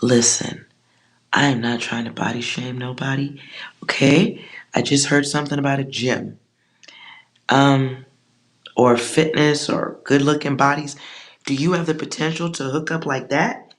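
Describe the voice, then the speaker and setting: A tarot reader giving a casual collective reading, blunt and joking, with slangy asides and soft whispered side remarks. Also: medium pitch, steady tone, moderate pace.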